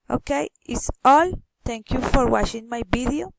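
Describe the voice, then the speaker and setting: A woman reading pronunciation drills aloud, slow and deliberate. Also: sits high, creaky, no echo, poor audio. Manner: slow, careful, deliberate reading of words and sentences. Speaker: phonetics student.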